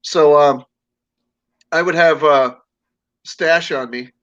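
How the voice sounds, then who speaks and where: A man's voice: fairly high pitch, slow, a bit bright. A man chatting casually on a live stream, telling rambling stories full of fillers and restarts. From Connecticut. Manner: rambling storyteller, many fillers and restarts, acts out voices. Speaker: stream host. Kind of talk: casual chat. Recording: dull lo-fi stream audio.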